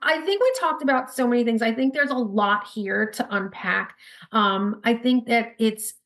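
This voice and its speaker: A woman with a New York accent, a guest in a casual podcast interview, talking quickly and upbeat with frequent laughs. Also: on the high side, fairly bright tone. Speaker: podcast guest, spirit baby intuitive.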